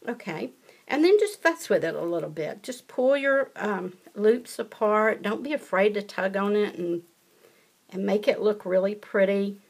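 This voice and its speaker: A woman's voice: mid-range voice, animated, measured pace, vocal fry. A woman with a Southern US accent hosting a casual craft tutorial, chatty, folksy and encouraging as she demonstrates.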